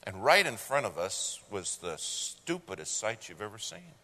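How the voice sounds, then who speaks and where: Animated man telling a folksy story. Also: lowish voice, normal speed. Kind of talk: live anecdote storytelling. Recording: long hall reverb, faint noise.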